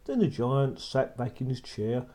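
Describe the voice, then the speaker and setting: A man's voice: medium pitch, sing-song, a little slow, dark tone. A man narrating a children's story in a repetitive storybook manner. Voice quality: husky.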